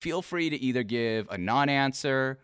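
A man's voice: mid-range voice, animated, normal speed, fairly bright tone, clear, resonant tone, no echo, studio quality. A young man hosting a live-streamed interview show, teasing his guest with laughs before turning earnest. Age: young adult. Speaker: podcast host. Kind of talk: casual livestream interview.

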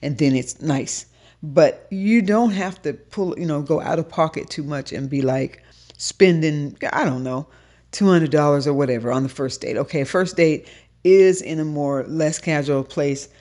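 A woman, a dating coach, telling her own dating stories in a casual vlog, animated and profane, jumping up high when she quotes herself. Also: unhurried.

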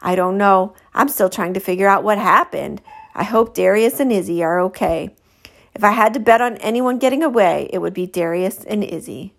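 A woman's voice: medium pitch, normal speed, vocal fry, natural voice. A woman voicing a tense young leader. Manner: hushed, clipped.

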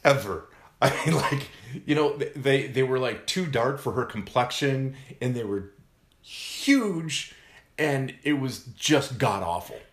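Animated man telling a funny story. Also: mid-range voice, slow. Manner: animated, laughs often, acts out quotes. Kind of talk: casual storytelling chat. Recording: echoey room.

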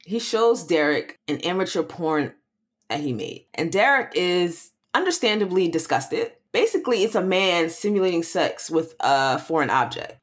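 A woman recapping and analyzing a film in casual chat, measured and explanatory. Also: fairly low pitch.

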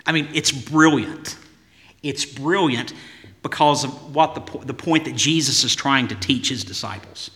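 A man's voice: mid-range voice, a little slow, bright, forceful tone, in a large hall. A man preaching a sermon as pastor, in an emphatic voice with rhythmic lists and rhetorical questions.

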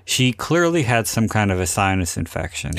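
A man co-hosting a casual movie podcast, blunt and swearing freely, with halting fillers. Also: on the low side, very animated, gravelly, fairly bright tone. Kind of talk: casual movie commentary chat.

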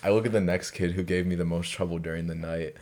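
Deep-voiced young man telling a story. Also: fairly even intonation, fast, darkish tone. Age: 20s. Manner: profane, laughs often while telling. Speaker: resident advisor telling a dorm story. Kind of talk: casual storytelling chat.

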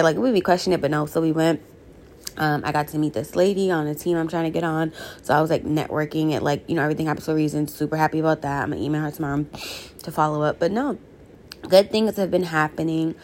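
A woman's voice: deep voice, slight background noise. A young woman hosting a podcast, giving a blunt, profane, chatty motivational monologue straight to her listeners. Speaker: podcast host.

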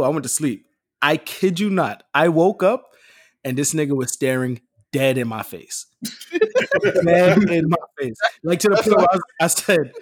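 A man on a casual podcast telling animated stories, acting out quotes and laughing often. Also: on the high side, normal speed, dry recording. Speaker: podcast co-host. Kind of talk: casual storytelling banter.

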